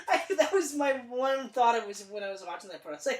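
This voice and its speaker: A woman co-hosting a casual film review podcast, excitable and profane, acting out scenes as she goes. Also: on the high side, moderate pace. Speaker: podcast co-host. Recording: roomy, distant mic.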